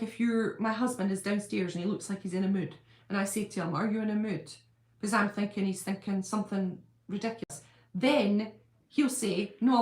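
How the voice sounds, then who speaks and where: A woman hosting her own channel, chatting casually on a live stream and rambling as she answers viewer comments at home. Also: medium pitch. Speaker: channel host. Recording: roomy echo.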